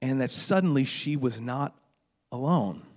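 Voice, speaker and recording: A man's voice: mid-range voice, expressive, a little slow, darkish tone. A middle-aged man preaching a sermon, retelling a story dramatically with stammered restarts. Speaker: pastor.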